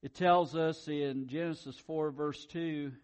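Animated man preaching a sermon. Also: a little high, measured pace, clean tone. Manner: animated, swings between loud emphasis and quiet asides; repeats words when excited. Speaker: pastor.

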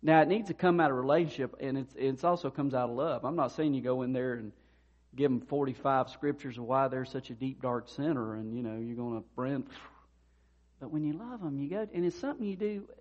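In dull audio, a pastor speaks fairly quickly with a medium pitch. His preaching is conversational, and he performs the voices of the people in his stories.

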